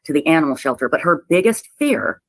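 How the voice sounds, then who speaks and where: A woman telling a personal story in a halting, emotional way, often repeating herself and close to tears. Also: sits low, sing-song, no room sound, poor audio. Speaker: website owner telling her story. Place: played clip of a livestream.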